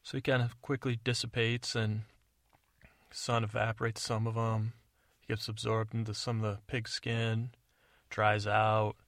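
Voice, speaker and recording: A man rambles through a bedtime story in a low-key, digressive way, hosting a sleep podcast. His voice has a gravelly, creaky texture. The recording is dry and close. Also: level tone, unhurried, fairly bright tone, no echo.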